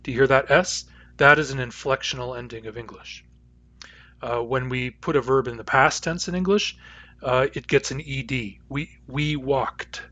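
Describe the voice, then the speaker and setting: Male language instructor, patient and methodical, mid-pitched voice, dull lo-fi recording. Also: pushed and bright. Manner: patient, methodical, with many uh fillers. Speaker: language teacher. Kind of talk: lecture.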